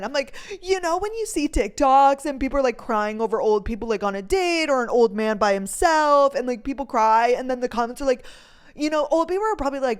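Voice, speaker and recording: Casting: twenties woman host, rambling emotional storyteller, slightly high voice. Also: lively intonation, a little fast. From North Dakota, USA. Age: 20s. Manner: chatty, emotional, full of filler words. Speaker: podcast host. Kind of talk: casual storytelling chat.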